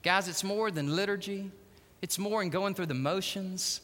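Middle-aged preacher with a high, bright voice and a dramatic, emphatic delivery, recorded in a church hall with long reverb. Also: male voice, moderate pace. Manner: dramatic, emphatic storytelling, swinging between hushed and loud. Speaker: pastor. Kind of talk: sermon. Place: church sanctuary.

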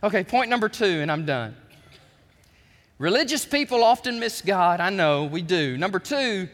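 A middle-aged man preaching a sermon in a church, folksy and animated, acting out the voices he quotes. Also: high-pitched, normal speed, pauses often. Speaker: pastor. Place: church sanctuary. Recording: long hall reverb.

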